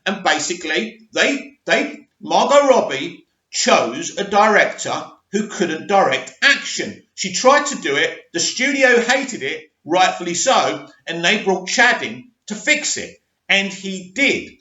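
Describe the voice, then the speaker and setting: A man's voice: high voice, sing-song, slow pace, sharp tone. A man hosting an opinionated movie news vlog, ranting emphatically with frequent restarts. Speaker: movie commentary host. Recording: echoey room, dull lo-fi sound.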